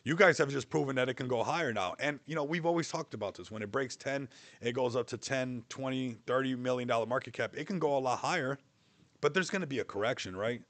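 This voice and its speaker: A man's voice: medium pitch, fast talker, fairly bright tone, no echo. A young man hosting a livestream, talking in a loose, rambling way, mocking and laughing often. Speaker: livestream host. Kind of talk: casual livestream chat.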